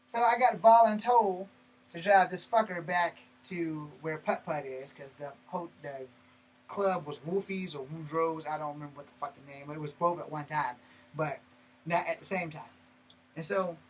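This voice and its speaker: A man telling a personal story in a blunt, profane, animated way, breaking off and restarting mid-sentence. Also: a little high, unhurried, slight background noise, low-quality recording. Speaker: martial arts channel host. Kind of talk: personal story told to camera.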